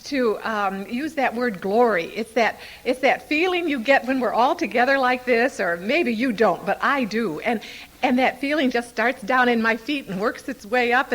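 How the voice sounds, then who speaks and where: Lively laughing older woman speaker. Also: a little high. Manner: animated, playful, laughing storyteller. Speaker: Al-Anon speaker. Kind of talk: speech to a recovery convention. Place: hall with a live audience.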